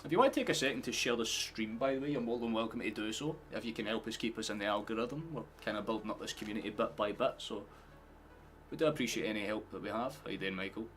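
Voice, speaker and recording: Faint music plays behind this young Scottish streamer as he talks fast in a lowish voice, reacting to a football match. Excitable and foul-mouthed, he chats to his viewers and yells when goals are scored.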